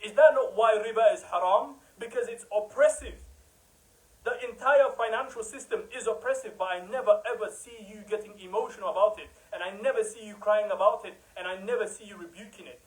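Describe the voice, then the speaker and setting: A man's voice: sits high, fairly quick, low-quality recording. A man giving an impassioned religious talk, emphatic and rhetorical, sometimes mocking the people he criticizes. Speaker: preacher.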